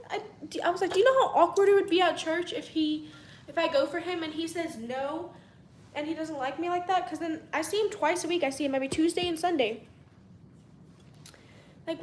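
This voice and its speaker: Young woman rambling thru a story, high voice, echoey room, bit of hiss behind. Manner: chatty and rambling, acts out quotes, drops to a whisper at times. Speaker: vlogger. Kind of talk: casual storytelling.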